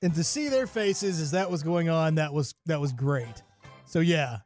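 Man, radio co-host, easygoing jokes, high voice. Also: normal speed, darkish tone, faint music behind. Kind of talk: casual studio banter.

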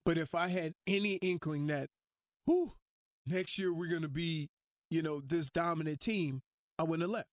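A man's voice: a little high, dry recording, clean studio sound. A man who once played college sports, co-hosting a radio show and speaking earnestly about his choices. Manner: earnest, reflective, quick to exclaim. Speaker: radio co-host, former college athlete. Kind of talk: casual radio banter.

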